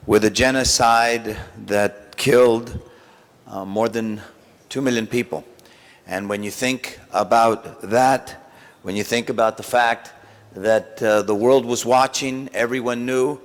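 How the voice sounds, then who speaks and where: A man on a city council giving a solemn, deliberate speech with many pauses, in a large council chamber. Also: on the low side. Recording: long reverb of a council chamber.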